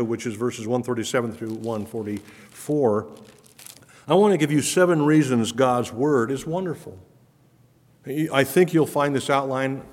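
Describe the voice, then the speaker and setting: A man preaching a sermon as pastor, earnest and emphatic, with his voice swelling when he speaks of wonder and awe. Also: medium pitch. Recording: long hall reverb.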